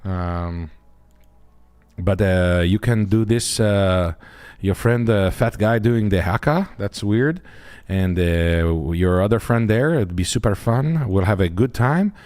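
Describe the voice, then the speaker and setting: A man voicing a pompous, crude French man with a put-on French accent, halting and full of fillers. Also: low-pitched, lively intonation, a little mellow, no echo. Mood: mock-serious.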